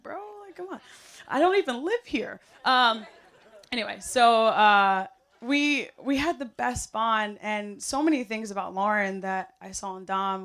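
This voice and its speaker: A young local woman gives a loose, chatty toast as a wedding guest, rambling with lots of "um" and "like" and often breaking into laughter. Her voice is at an ordinary middle pitch for a woman, with a fairly bright tone.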